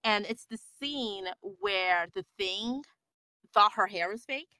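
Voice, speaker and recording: A woman talking as a guest on a podcast, animated and quick to laugh, often restarting her sentences as she goes. Her voice sits at a middle pitch and is recorded close and dry, with no room sound. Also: clean tone, no room sound. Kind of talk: casual interview chat.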